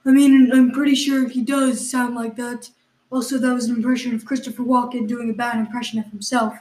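Woman cohost doing improv comedy bits, fairly high voice, keeps questioning stuff all exasperated, lots of ums, echoey room. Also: little pitch movement, a little fast, a little mellow. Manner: questioning, mock-exasperated, full of fillers. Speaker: podcast co-host.

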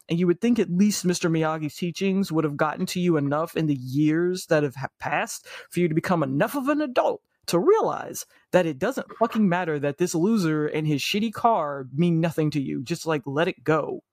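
A man's voice: fairly high pitch, expressive, moderate pace, few pauses, darkish tone, no room sound, clean studio sound. A man in casual chat about movies and shows, ranting with lots of swearing and jokey mock voices.

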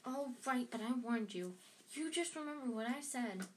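A woman reading a storybook aloud gives us a prim know-it-all schoolgirl with a shrill, snappish bite. She scolds and lectures, always sure she is right. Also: expressive, normal speed, a little hiss or hum, close to an everyday voice. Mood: indignant.

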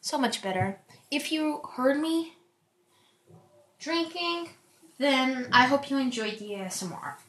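A young woman hosting a solo podcast, chatting casually in a rambling way and calling herself loud. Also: high voice, animated, measured pace, pauses often. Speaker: podcast host. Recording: echoey room.

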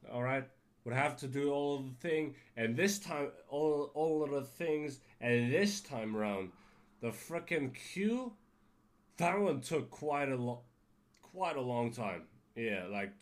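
A man's voice: mid-range voice, animated, unhurried. A man with a cold telling a rambling story on his podcast, full of fillers, restarts and casual swearing. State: has a cold. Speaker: podcast host.

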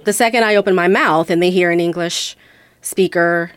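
American woman, radio panel guest, candid and measured, dry close sound. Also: fairly low pitch, clear, resonant tone, dry recording. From United States. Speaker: panel guest, audio engineer and radio co-host.

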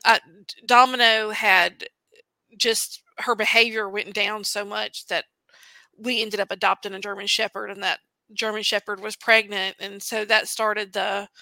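A woman's voice: mid-range voice, pushed and bright, no echo, low-quality recording. A woman hosting a podcast interview over a video call, chatting and telling rambling stories. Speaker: podcast host. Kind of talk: casual interview chat.

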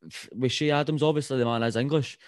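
Scottish podcast co-host, quick blunt football talk, dry close mic. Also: male voice, mid-range voice, fairly even intonation, dry recording. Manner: blunt and sweary. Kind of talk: casual football chat.

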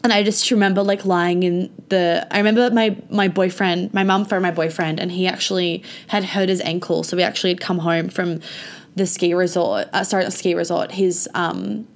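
A woman's voice: lowish voice, fairly even intonation, normal speed. A young woman telling a personal story to her viewers in a casual, chatty way, full of "like" and frequent swearing. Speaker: vlogger.

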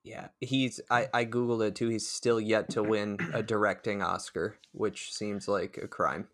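Enthusiastic low-voiced podcast guy. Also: little pitch movement, unhurried, fairly bright tone. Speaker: podcast co-host. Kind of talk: casual movie discussion.

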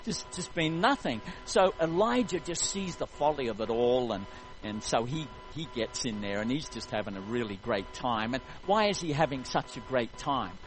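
A man preaching a sermon, retelling a story in an animated, jokey way. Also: mid-range voice, normal speed, faint music behind, rough recording.

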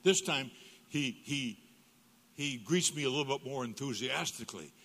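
A man's voice: medium pitch, lively intonation, normal speed, sharp tone. An older man preaching as a guest speaker, telling humorous stories and acting out dialogue with big jumps in his voice. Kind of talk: humorous sermon storytelling. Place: church sanctuary. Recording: reverberant church hall.

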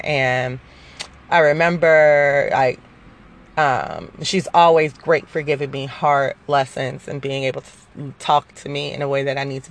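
Candid, rambling woman in her forties. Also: sits low. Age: 40s. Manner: casual, profane, rambling with many fillers. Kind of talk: candid personal storytelling.

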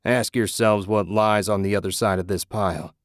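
A man reading an audiobook, voicing a gruff, taunting male gang leader. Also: lowish voice, fairly even intonation, normal speed, dry recording, clean studio sound, close to an everyday voice.

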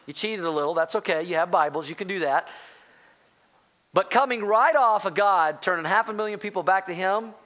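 A man preaching a sermon as pastor, animated, talking straight to the congregation and calling out to them. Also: high voice, a little fast. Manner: animated, rising to near-shouting excitement; addresses congregation directly as church.

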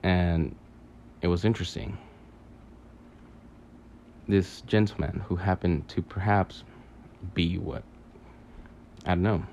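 A man telling a long dream story in a halting, rambling way, full of fillers, restarts and casual swearing. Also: low-pitched, fairly even intonation, gravelly, a little mellow, slight background noise. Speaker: podcaster recounting a dream.

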